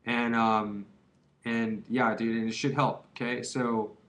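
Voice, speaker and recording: A man in his twenties, a vlogger giving advice on quitting, talks to camera in a casual, confessional way. He rambles in slang, dropping lots of "dude," "man" and "like," in a mid-range, level, fairly bright voice at a slow pace.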